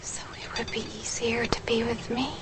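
An actress playing a young mistress who speaks in a halting, hesitant way. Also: female voice, a little high, flat delivery, in a whisper, close to an everyday voice. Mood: hurt. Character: hopeful, hurt young mistress. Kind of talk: film drama acting. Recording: bar crowd murmur behind.

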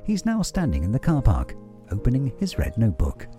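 Male audio describer, measured scripted delivery, sweeping lively intonation, music behind. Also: medium pitch.

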